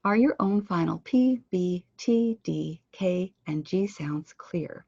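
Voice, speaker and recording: A woman giving an online pronunciation lesson, speaking clearly and deliberately and slowing down to model words. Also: on the low side, animated, darkish tone, no echo, highs cut off. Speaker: pronunciation instructor. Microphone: computer microphone on a web conference.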